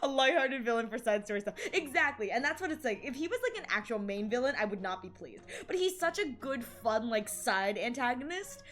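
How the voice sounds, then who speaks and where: A young woman streaming a game, chatting in an excitable, giggly way and swearing freely. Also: fairly high pitch, a little fast, hardly any pauses, soft background music. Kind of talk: casual game-stream chat.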